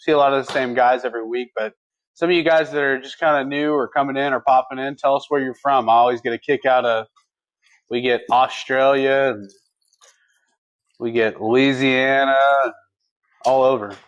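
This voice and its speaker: A man's voice: mid-range voice, fairly even intonation, moderate pace, no room sound, dull audio. A man co-hosting a livestream, chatting casually and folksily as he reads viewer comments. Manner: laid-back, folksy, laughs easily. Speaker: livestream co-host.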